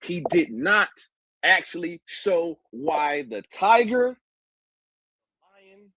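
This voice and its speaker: Husky mocking man debating. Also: fairly high pitch, huge pitch swings, slow, sharp tone, dry recording, poor audio. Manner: mocking, lecturing. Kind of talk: heated online debate.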